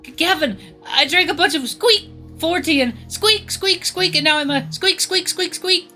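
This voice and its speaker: A man's voice: very high voice, moderate pace, pushed and bright, soft background music, pitched above the performer's own voice, full character voice. A man voicing a young woman turning into a mouse, squealing in breathless panic. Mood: squeaky.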